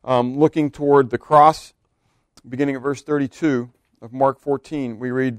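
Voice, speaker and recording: A man's voice: mid-range voice, fairly even intonation, moderate pace, no room sound, clean studio sound. A man preaching a sermon in a loose, conversational way, asking the congregation questions and laughing now and then. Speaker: pastor.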